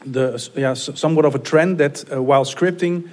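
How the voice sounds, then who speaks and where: A man in the audience works his way through a long question with great hesitation. His sentences are broken up by constant ums and uhs. His voice sits at an average pitch. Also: brisk, darkish tone. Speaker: audience member asking a question.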